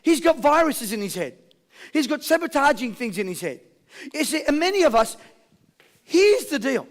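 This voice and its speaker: A man's voice: very high-pitched, normal speed. A man giving a live motivational seminar, drawing call and response from his audience and telling jokey stories. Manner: energetic call-and-response with the crowd; jokey storytelling. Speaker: motivational speaker.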